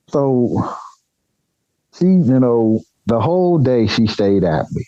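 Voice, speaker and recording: Blunt, dark-voiced man telling a story. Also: mid-range voice, slow, pauses often, no room sound, highs cut off. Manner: animated, acts out dialogue in other voices; colloquial, blunt, swears casually. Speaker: podcast guest telling his story. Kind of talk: storytelling anecdote.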